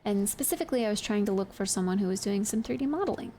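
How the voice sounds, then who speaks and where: A woman's voice: mid-range voice, animated, very fast, dark tone, slight background noise. Chatty, giggly woman streamer. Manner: chatty and giggly, with many fillers. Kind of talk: casual chat while 3D modeling.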